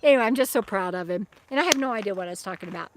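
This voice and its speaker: Crowd noise surrounds this middle-aged woman, a van-dwelling vlogger and author, as she livestreams from her campsite and reads out viewer comments. She talks very fast with a medium pitch and lively intonation, rambling, restarting her sentences, and pausing to fuss affectionately over her dog.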